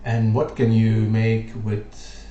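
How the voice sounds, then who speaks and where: Slow-talking man explaining history. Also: lowish voice, little pitch movement, mellow, lo-fi sound, slight background noise. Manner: rambling, lots of fillers. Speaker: video host. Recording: roomy echo.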